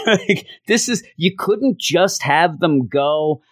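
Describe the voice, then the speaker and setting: A man talks comics on his podcast in a casual, exasperated way, his pitch bouncing all over as he mocks the plot. He slips into silly voices to act out scenes. The sound is dry and close, with no room around it. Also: slow, no echo. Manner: animated, acts out scenes in mock voices; sarcastic and exasperated. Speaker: podcast host. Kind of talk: casual comic book review.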